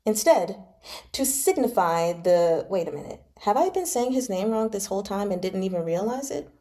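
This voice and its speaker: Animated woman hosting a live read-along. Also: medium pitch, fast talker. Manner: animated, self-deprecating, dramatic exclamations. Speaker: book reader and channel host.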